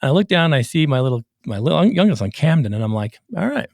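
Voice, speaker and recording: A middle-aged man telling stories on a podcast at a comfortable middle pitch, animated and quick to act out what everyone said. His voice is close and dry, with no room around it. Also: no room sound. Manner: animated storyteller, acts out quotes. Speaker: podcast host and recovery coach. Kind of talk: casual conversational interview.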